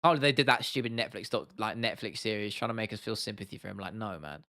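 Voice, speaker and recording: Blunt, swearing livestream host. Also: male voice, fairly low pitch, fast, pushed and bright, dry recording, studio quality. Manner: blunt, opinionated, swears freely, restarts often. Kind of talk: casual livestream chat answering viewers.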